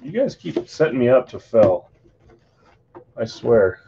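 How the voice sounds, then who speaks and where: A man's voice: mid-range voice, big pitch swings, a little slow, creaky, noisy background. A man hosting a live card break stream, chatting casually while calling out bids and sales. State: yawning, tired. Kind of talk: live-stream auction chat. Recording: slightly dull lo-fi stream audio.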